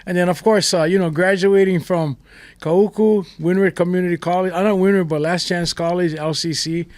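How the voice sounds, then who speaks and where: An older man from Hawaii, a guest chef telling stories in a lively, casual way with pidgin turns. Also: sits high, a little fast, no room sound. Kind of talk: casual storytelling.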